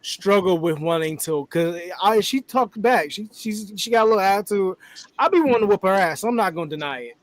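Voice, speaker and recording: A man with a slightly raised pitch who talks in an open, confessional way on a live debate stream. He stumbles and restarts his sentences as he thinks aloud. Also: lively intonation. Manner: candid, halting, restarts often. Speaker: panelist in a live-streamed discussion. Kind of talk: casual debate chat.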